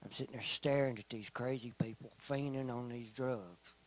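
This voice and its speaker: A middle-aged man giving a personal testimony in church, telling his story slowly and earnestly, often dropping to a quiet voice. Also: medium pitch, fairly even intonation, rough recording. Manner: slow, earnest storytelling with quiet, soft-spoken stretches. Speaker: testimony speaker.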